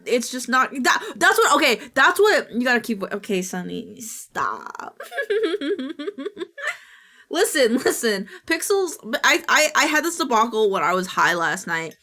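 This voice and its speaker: Young American woman, live streamer, bright voice, chatty and excitable, casual cursing. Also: high-pitched, slow pace. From United States. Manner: chatty, excitable, swears freely, reads and answers chat.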